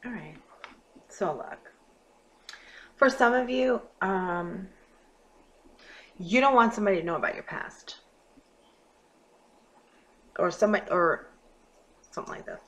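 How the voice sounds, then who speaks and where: Animated woman giving a tarot reading. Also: mid-range voice, a little slow, long pauses. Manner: animated, emphatic, swings from murmuring to loud. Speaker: tarot reader. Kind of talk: casual astrology reading to camera.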